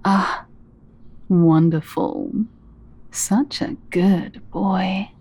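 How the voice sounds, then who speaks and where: A woman performing a scripted dominant audio role-play, speaking in a teasing, commanding way and often dropping into soft whispers. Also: on the low side, fairly even intonation. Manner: teasing, commanding, slow and deliberate; soft-spoken, drops into breathy whispers.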